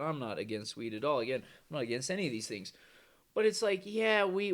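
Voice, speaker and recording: Man vlogger, slightly high voice, loose profane rambling. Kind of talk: casual rambling monologue.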